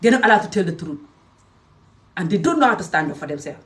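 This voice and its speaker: A woman's voice: fairly low pitch, sing-song, quick pace, distant mic. Brief: confrontational woman vlogger, scolding and repetitive, set back from the mic. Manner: scolding and confrontational, repeating points. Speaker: social media commentator. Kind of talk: angry vlog rant.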